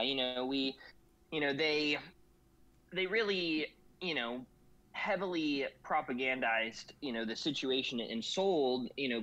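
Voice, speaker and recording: A man's voice: mid-range voice, fairly bright tone. A man talking as a guest in a casual discussion, rambling and filling every phrase with "you know". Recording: slightly dull lo-fi audio.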